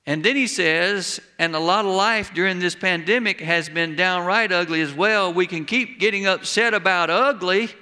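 A man's voice: high voice, normal speed, few pauses, pushed and bright, smooth, big-room sound. A middle-aged man preaching a sermon, telling folksy stories and building to emphatic exclamations. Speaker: pastor.

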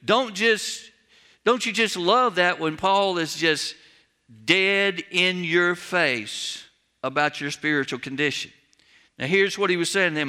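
A man's voice: sits high, measured pace, bright, forceful tone, clean tone. A man, a pastor, preaching a sermon in a church with folksy, humorous storytelling. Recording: long reverb of a large hall.

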